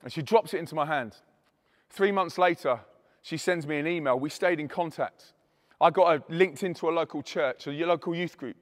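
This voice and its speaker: In a big-sounding room, a male Christian youth speaker with a slightly high voice tells an audience his testimony at a moderate pace. His delivery is emphatic and animated, and he acts out the dialogue he quotes.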